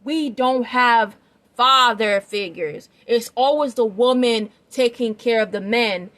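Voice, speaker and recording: A woman's voice: fairly high pitch, slow, a bit bright. A woman giving her opinion in a rambling, emphatic vlog, often checking that the listener follows her. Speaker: vlogger. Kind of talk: opinion commentary.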